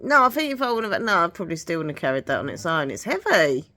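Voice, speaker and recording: A woman's voice: lowish voice, big pitch swings, very fast, bright, forceful tone. Chatty woman with a nasal voice. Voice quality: nasal from hay fever. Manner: chatty, rambling, giggly. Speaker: vlogger. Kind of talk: casual home vlog chat. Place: home.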